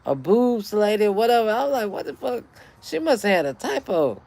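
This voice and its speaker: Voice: medium pitch, big pitch swings, moderate pace, vocal fry, a little mellow. A middle-aged speaker, ranting in casual livestream chat and telling a heated story full of swearing. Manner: profane, heated storytelling rant. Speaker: channel host.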